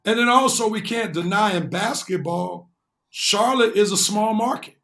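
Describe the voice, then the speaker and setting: A man's voice: high-pitched, normal speed, creaky, a bit bright. A man co-hosting a sports talk show, explaining his points at length and in earnest. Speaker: co-host.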